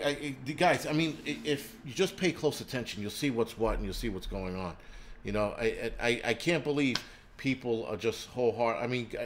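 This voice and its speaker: A man's voice: medium pitch, a little hiss or hum. A man hosting a livestream, ranting heatedly with lots of cursing and stammered restarts, reading and answering chat comments. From United States. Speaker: livestream host. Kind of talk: profane livestream rant.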